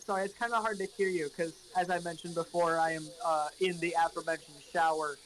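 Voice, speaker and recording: A man calling in on a phone call from his shower, talking in a dry, deadpan way. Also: fairly high pitch, quick pace. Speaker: friend calling in. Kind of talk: deadpan comedic phone bit. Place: in a running shower. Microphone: phone or video call. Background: faint shower noise.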